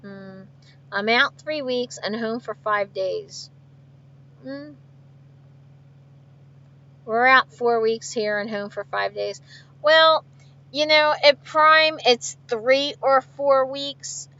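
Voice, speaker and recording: Here the woman trucker from outside Philadelphia sounds fairly high, pushed and bright, speaking slowly with frequent pauses. She's chatting on a livestream, reading viewer comments aloud, answering questions and laughing often, all in dull lo-fi audio.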